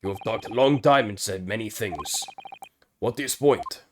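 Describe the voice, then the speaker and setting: A man doing a gruff Russian-accented sailor. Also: lowish voice, a little slow, a little hiss or hum, lightly acted. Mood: defiant. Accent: put-on Russian. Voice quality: blunt, broken English. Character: gruff burly male sailor, stubborn. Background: video game music.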